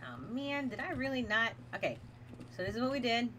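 A woman's voice: a little high, big pitch swings, fairly quick, background noise. A woman streamer giving casual commentary over a horror game, chatting to her viewers, laughing often and nervously talking herself through it. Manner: chatty, talks to chat while playing, laughs often; nervous self-reassurance while playing a horror game.

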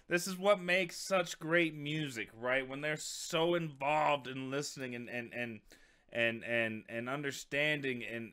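American male reaction host: bright, smooth voice, casual filler-heavy chat. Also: mid-range voice. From United States. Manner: relaxed, conversational, lots of fillers and repeated words.

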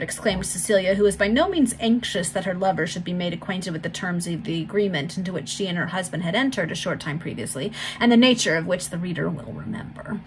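A woman reading a Victorian novel aloud in a steady, clear, measured voice. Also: lowish voice, slight background noise, poor audio. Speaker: volunteer reader.

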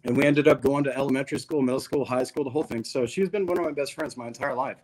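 A man speaks as a podcast guest, with a voice at an ordinary, middle pitch. He tells a long personal story in an easygoing, slangy way, often dropping in "dude.". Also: rapid-fire, darkish tone, rough recording. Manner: laid-back, slangy, peppers talk with "dude". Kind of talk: casual storytelling interview.

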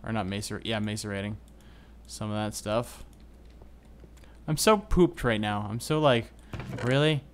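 A man commentating his own game as he plays, excitable and groaning at setbacks. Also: lowish voice, a little slow, clean tone. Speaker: gaming video host. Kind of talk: Minecraft let's play commentary.

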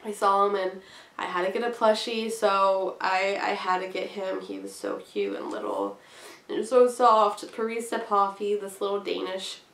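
A young woman with a cold rambles cheerfully through a haul, giggling between thoughts. Her mid-pitched voice has a gravelly edge. The room around her rings with echo. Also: moderate pace, fairly bright tone. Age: young adult. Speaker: craft vlogger. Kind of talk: casual haul chat.

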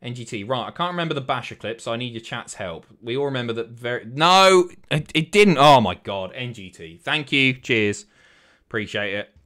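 Lively man chatting to stream viewers. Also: medium pitch, moderate pace. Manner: swearing, joking, talks to chat. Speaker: streamer reacting to a reality show. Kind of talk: casual chat.

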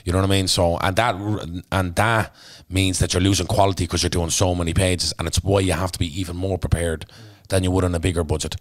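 A deep-voiced man with an Irish Traveller accent rattles through his stories at a quick clip, blunt and full of swearing. He talks as a guest on a podcast, and the sound is close and dry with no room behind him. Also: dry recording. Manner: blunt, sweary, animated storytelling. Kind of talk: casual podcast chat.

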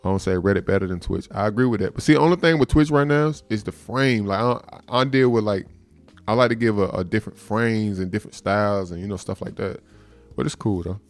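A man's voice: lowish voice, fast, no room sound, soft background music. A man hosting a casual livestream chat, laid-back and profane, often repeating filler phrases. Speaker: livestream host.

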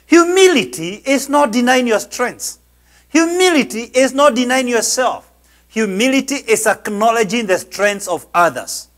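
A man's voice: high-pitched, a bit bright. A man preaching a sermon as a pastor, exhorting his listeners with emphatic, insistent delivery.

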